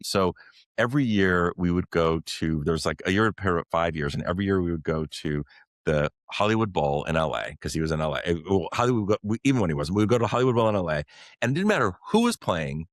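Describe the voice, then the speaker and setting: Deep-voiced middle-aged man telling stories. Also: lively intonation, no echo. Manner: earnest, halting with many fillers and restarts. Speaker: podcast guest. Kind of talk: personal storytelling in conversation.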